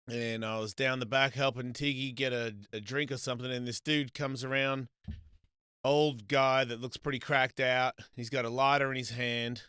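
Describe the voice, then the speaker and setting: Bright-voiced man telling a profane story. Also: medium pitch, clear, resonant tone, no room sound, clean studio sound. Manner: profane, animated storytelling with acted quotes. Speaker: host. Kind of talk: casual storytelling chat.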